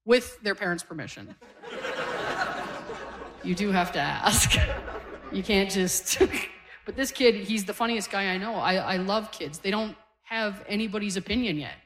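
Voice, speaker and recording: A woman's voice: medium pitch, measured pace, pauses often, long reverb tail. Brief: Canadian woman comic, forties, chatty and self-mocking on stage. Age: 40s. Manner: chatty, self-deprecating, laughing through lines. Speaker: stand-up comedian. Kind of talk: stand-up set. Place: comedy stage before a live audience.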